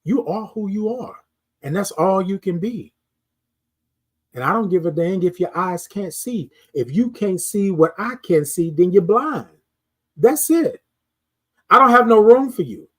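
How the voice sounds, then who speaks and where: A middle-aged man speaks in a slightly higher voice, preaching about self-worth on his morning live stream. He repeats his phrases like a sermon and stops to greet viewers in the chat. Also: lively intonation, measured pace, fairly bright tone. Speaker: host of a morning live show. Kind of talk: motivational live-stream talk.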